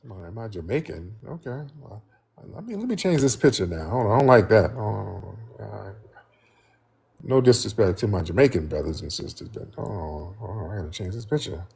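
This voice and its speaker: Male live stream host, casual, joking, husky tone. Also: on the low side, lively intonation, fairly quick, a little mellow. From United States. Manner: chatty, joking, talks to his viewers.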